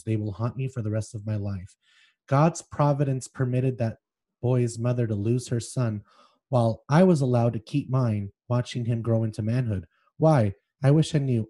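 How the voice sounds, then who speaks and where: A man's voice: mid-range voice, dark tone. A man co-hosting a podcast, reading book passages aloud with feeling and chatting casually between them. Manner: reads excerpts aloud with feeling, then chats loosely. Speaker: podcast co-host.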